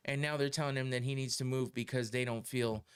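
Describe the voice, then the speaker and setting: A man's voice: medium pitch, steady tone, fast talker, clean tone. A middle-aged man hosting a podcast, ranting heatedly and swearing a lot, with frequent laughs. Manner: profane, heated, laughs often. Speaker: podcast host. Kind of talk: casual opinion rant.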